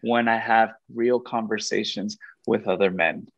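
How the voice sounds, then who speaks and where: A man's voice: fairly low pitch, steady tone, measured pace, no room sound, lo-fi sound. A Mexican American man who works as a radio host, speaking as a guest in a friendly, affirming casual chat.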